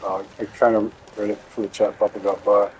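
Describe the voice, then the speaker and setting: A man's voice: on the low side, flat delivery, a little fast, background noise. A man streaming a game, telling a rambling, profane story in a casual way. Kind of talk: casual storytelling while gaming.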